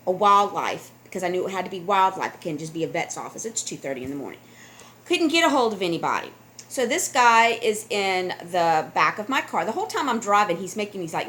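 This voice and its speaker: A middle-aged woman telling a personal story to her camera, chatty and earnest, with an animated, conversational delivery. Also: medium pitch, a little hiss or hum. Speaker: vlogger. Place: dim room at home.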